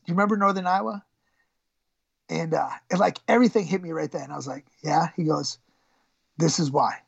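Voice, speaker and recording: A woman wrestling coach talks in a gravelly voice, often stumbling and repeating herself as she tells her story. The recording is close and dry with a slightly dull, lo-fi tone. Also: fairly low pitch, dry recording. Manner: halting, repeats words, emotional retelling. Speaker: high school wrestling coach. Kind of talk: storytelling in a podcast interview.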